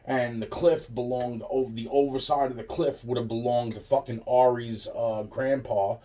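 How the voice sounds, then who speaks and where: A man's voice: mid-range voice, fairly even intonation, moderate pace, dark tone, distant mic. A man in a rambling, profane monologue, restarting his sentences again and again.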